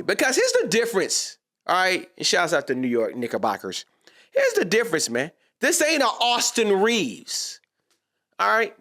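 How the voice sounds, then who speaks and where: A man's voice: fairly high pitch, fairly bright tone. A man giving a casual, slangy sports reaction monologue, talking straight to his viewers.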